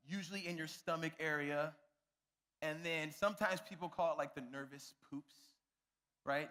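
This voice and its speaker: A man's voice: a little high, sharp tone. A young man, a youth pastor, telling a self-mocking story to a youth group and addressing them directly.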